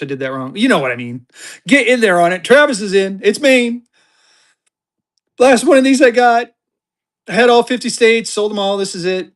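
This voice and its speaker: Upbeat male livestream seller, slightly high voice, chatty and excited auction patter. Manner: excited, chatty, talks straight to viewers. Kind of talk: live auction stream chat.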